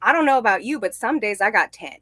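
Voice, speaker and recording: A woman in casual panel talk, animated and acting out quotes. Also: medium pitch, fast, no room sound. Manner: animated, acts out quoted voices.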